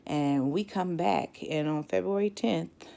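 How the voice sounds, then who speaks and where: A woman tells her own story in a loose, chatty way. Her voice sits low and carries a gravelly fry. She acts out other people's lines in lively, animated voices. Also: a little slow. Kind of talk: casual storytelling.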